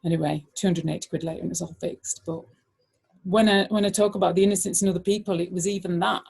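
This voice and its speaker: A middle-aged woman, a guest speaker, telling a personal story in an animated way, full of "like" fillers. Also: on the low side, quick pace, creaky, husky.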